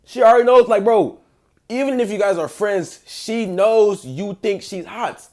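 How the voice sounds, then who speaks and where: A young male dating coach with a high voice and measured pace delivers blunt, mocking reaction commentary, rating texts out of ten amid heavy profanity and basketball slang.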